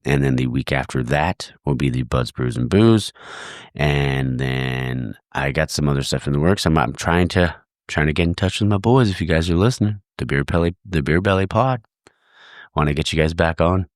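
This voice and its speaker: Very deep, congested man signing off a podcast. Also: normal speed, no echo, clean studio sound. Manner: relaxed, thankful, chatty sign-off. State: congested and tired. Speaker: podcast host. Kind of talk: solo podcast outro.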